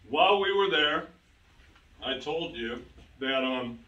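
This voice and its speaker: A man's voice: a little high, animated, slow pace, pushed and bright, lo-fi sound. A man giving a public lecture, telling stories to an audience and repeating key phrases for emphasis. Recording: roomy sound, distant from the mic.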